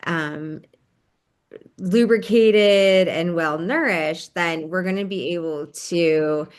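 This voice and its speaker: Low-voiced woman teaching wellness calmly. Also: takes it slowly, clear, resonant tone. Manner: calm, gentle, with many fillers. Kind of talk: casual instructional talk.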